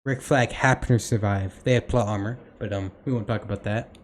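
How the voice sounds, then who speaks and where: A man's voice: lowish voice, fairly even intonation, fairly quick, slight background noise. Rambling young man chatting on a podcast. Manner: rambling, many fillers and restarts. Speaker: podcast co-host. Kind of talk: casual chat.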